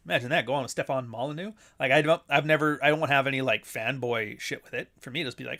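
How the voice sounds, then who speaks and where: A man's voice: medium pitch, fast talker, fairly bright tone. A man hosting a casual livestream chat from home, rambling bluntly and swearing often. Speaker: host, author. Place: home near Toronto.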